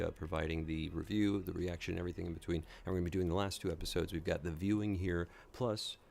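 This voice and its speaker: A man's voice: low voice, creaky, darkish tone. A man hosting a late-night reaction stream, tired and rambling, joking and laughing at himself as he chats casually. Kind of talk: casual commentary.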